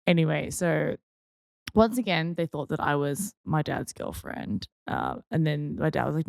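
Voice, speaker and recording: A woman's voice: deep voice, expressive, unhurried, creaky, darkish tone, no room sound, clean studio sound. A young woman host chattily telling funny stories on her podcast, with lots of fillers and self-mocking asides. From Australia. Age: young adult. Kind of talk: casual storytelling.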